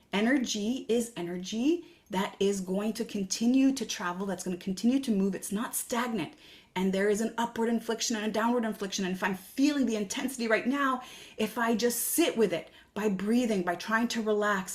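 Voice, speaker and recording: Earnest woman coaching listeners, higher voice. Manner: earnest, coaching, asks reflective questions. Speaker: podcast host and coach. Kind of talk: solo podcast talk.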